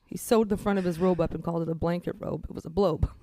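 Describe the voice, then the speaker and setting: A woman's voice: on the low side, fast, dark tone. A young woman co-hosting a podcast in casual chat, laughing often and swearing freely. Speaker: podcast co-host.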